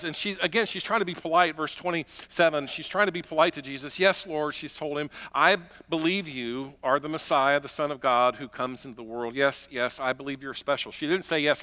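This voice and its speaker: A man preaching a sermon as pastor, emphatic, swinging between loud declarations and hushed, slow moments. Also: on the high side.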